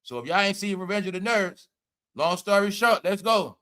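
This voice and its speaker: High, bright-voiced man ranting on a livestream. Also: moderate pace. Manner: loud, laughing, profane, repeats "all right?". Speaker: commentary livestream host. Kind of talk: casual livestream commentary.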